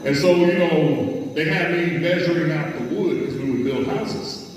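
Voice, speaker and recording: Young stand-up comic, US, loose and profane, laughs at own jokes, slightly high voice, echoey hall from far off. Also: male voice, moderate pace, crowd noise. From United States. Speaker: stand-up comedian. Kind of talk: stand-up storytelling.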